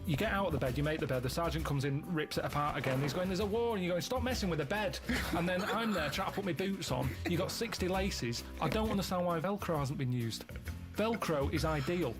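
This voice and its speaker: Bloke, deadpan rambling stories, bit higher voice, music under it. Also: male voice, fast, few pauses. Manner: deadpan, meandering storytelling. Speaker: regular on a comedy podcast. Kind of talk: casual chat, rambling anecdotes.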